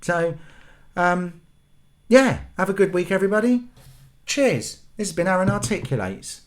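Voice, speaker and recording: A man's voice: high-pitched, animated, normal speed, slight background noise. Bloke ranting on his channel, swears a lot, voice jumps all over. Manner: exasperated, sweary, rambling. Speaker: channel host. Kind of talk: ranting vlog monologue.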